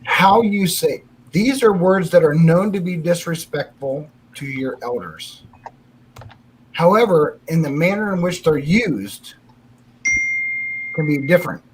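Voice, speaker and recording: A man's voice: fairly high pitch, lively intonation, a little slow, slight background noise, poor audio. Middle-aged man, swearing storyteller. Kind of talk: casual chat.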